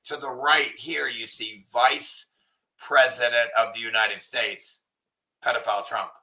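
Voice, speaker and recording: A man hosting an online commentary show, ranting in a crude, profane way and sometimes shouting. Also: medium pitch, steady tone, a little slow, rough recording. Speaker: channel host. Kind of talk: casual commentary rant.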